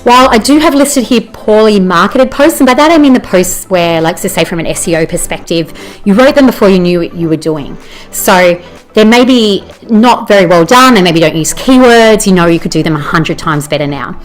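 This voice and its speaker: A woman's voice: medium pitch, expressive, normal speed, soft background music. An Australian woman giving an enthusiastic, conversational presentation, often checking in with "you know" and "okay?". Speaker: presenter teaching bloggers. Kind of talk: presentation talk.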